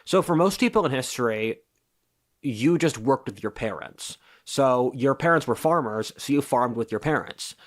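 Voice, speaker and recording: Guy on a podcast laying out his ideas, confident lecturing tone, mid pitch. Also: expressive, moderate pace. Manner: assertive, lecturing explanations. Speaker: podcast guest. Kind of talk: casual interview talk.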